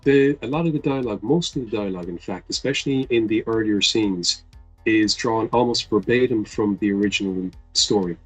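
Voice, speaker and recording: Husky, earnest male co-host. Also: lowish voice, fairly quick, soft background music, poor audio. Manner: earnest, argumentative, swears when pressed. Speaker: podcast co-host. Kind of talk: casual chat.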